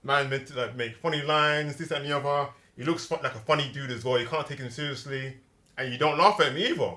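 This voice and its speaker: A man's voice: mid-range voice, fast talker, pushed and bright. Blunt young man, echoey. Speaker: podcast co-host. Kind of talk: casual movie review chat. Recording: roomy echo.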